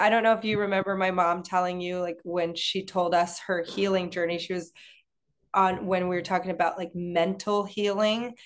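Chatty woman in casual conversation. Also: medium pitch. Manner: chatty, many fillers and restarts. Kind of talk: casual chat.

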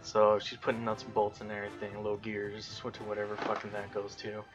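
A man's voice: on the low side, completely flat delivery, fairly quick, dull audio, music in the background. A man narrating as game master of a tabletop role-playing game, improvising loosely and swearing casually.

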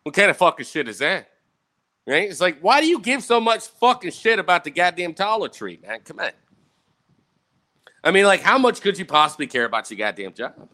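A man's voice: high-pitched, big pitch swings, a little fast, bright, forceful tone. Profane rambling man telling stories. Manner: profane, rambling, keeps asking "right?". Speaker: vlogger. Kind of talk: casual rambling storytime.

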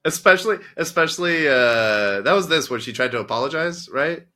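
A young man co-hosting a casual anime talk, joking and animated. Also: fairly high pitch, brisk. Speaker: podcast co-host.

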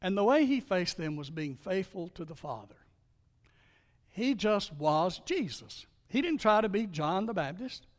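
A male pastor delivers a sermon in a conversational style, tossing out rhetorical questions and sinking to quiet emphasis on key lines. His voice sits on the high side for a man. The sound carries a long reverb, as in a church sanctuary. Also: sing-song, unhurried.

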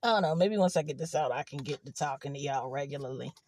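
A woman's voice: deep voice, fast, darkish tone. A young woman vlogging casually from a car in an empty parking lot, rambling and laughing as she tells a story. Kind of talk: casual confessional vlog.

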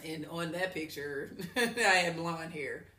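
Woman podcast host, bright voice, a bit low, lots of laughing, slangy storytelling, echoey room. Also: unhurried. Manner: animated, laughs often, slangy. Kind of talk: casual storytelling chat.

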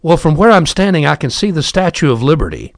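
A man's voice: fairly high pitch, sing-song, quick pace, vocal fry, no room sound, voice pushed up. A man voicing a panicked seventeen-year-old girl in a frantic, raised voice.

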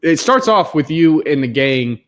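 A man's voice: fairly high pitch, sing-song, measured pace, a bit bright. A man co-hosting a podcast, chatting casually with a loose, profane, laid-back way of talking. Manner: laid-back, profane, says "dude" constantly. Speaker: podcast co-host. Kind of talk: casual chat. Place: Dallas area.

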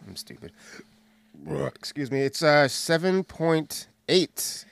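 A man's voice: fairly high pitch, slow, creaky, clean tone, dry recording. A man co-hosting a podcast, chatting casually and joking around. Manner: joking, animated, laughs often. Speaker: podcast co-host. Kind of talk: casual chat.

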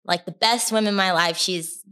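Young woman, low-pitched voice, podcast storytelling, candid, rambling, lots of fillers. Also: normal speed, pushed and bright, smooth. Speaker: podcast host. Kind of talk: personal storytelling monologue.

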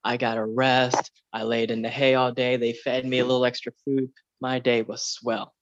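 A man voicing a weary, overworked male ox who whines slowly about his aching back, in a fable told on a podcast. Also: mid-range voice, flat delivery, highs cut off, close to an everyday voice. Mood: cheerful.

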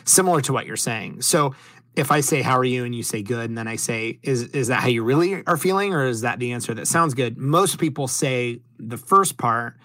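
Reflective American podcast host, dry mic. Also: male voice, mid-range voice, pushed and bright, no room sound. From United States. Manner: reflective, measured, with filler ums. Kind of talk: casual podcast chat.

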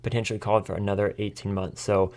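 A man's voice: lowish voice, level tone, quick pace, a little mellow. An American man hosting his own podcast, telling a story in a chatty, casual way, laughing often and acting out what people said. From United States. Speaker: podcast host.

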